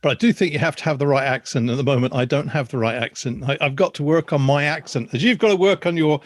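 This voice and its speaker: A man's voice: a little high, quick pace, dry recording, clean studio sound. A man hosting a podcast, speaking in a rambling, hesitant, reflective way and laughing easily. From Ireland. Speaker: podcast host. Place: video call.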